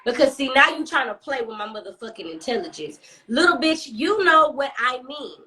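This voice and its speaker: A woman's voice: high voice, normal speed. Sassy, foul-mouthed woman telling a story. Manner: animated, sassy, heavy cursing, emphatic repetition. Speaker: storyteller host. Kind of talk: casual profane storytime on a live stream. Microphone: phone on a live stream.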